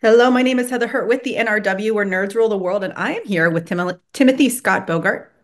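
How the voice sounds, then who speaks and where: A woman's voice: mid-range voice, quick pace. Giggly woman interviewer. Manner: giggly, self-deprecating, stumbles over words. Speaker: interviewer, host. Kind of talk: casual interview.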